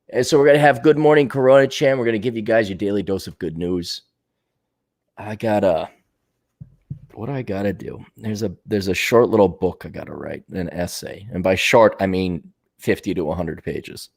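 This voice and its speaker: A man's voice: lowish voice, moderate pace, vocal fry, darkish tone. A man hosting his podcast alone, rambling and musing aloud in a sardonic way, slipping into little voices for his own thoughts. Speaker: podcast host. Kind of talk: rambling solo monologue.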